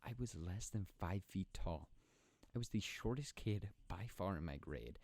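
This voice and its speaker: Young guy doing a chill solo podcast, really low voice, dry close mic, rambly and self-joking. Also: animated, normal speed, a little mellow, no echo. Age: young adult. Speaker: podcast host. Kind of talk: casual solo podcast chat. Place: indoor room at home at night. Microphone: podcast microphone.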